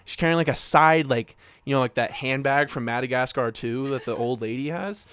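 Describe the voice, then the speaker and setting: A man's voice: medium pitch, a little fast, clear, resonant tone, dry recording. A young man co-hosting a podcast, telling a story casually with lots of filler words and swearing. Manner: animated, swearing, many filler likes. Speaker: podcast co-host.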